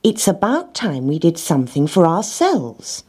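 A woman's voice: on the low side, wildly swooping pitch, unhurried, mellow, husky, heavily acted. A woman voicing a bossy, earnest little red hen in a storybook reading, insistent as she explains.

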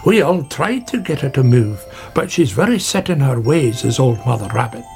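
Man doing a grumbling, gravelly old badger. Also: mid-range voice, sing-song, normal speed, a little mellow, faint music behind. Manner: gruff, grumbling and muttering.

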